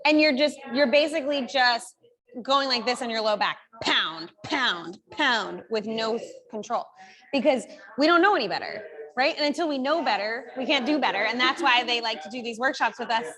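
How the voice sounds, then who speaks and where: A woman's voice: high-pitched, fairly quick, sharp tone. A woman physical therapist leading a group exercise workshop in a fitness studio, giving chatty coaching cues. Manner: upbeat, chatty coaching cues with frequent "like" and "right?".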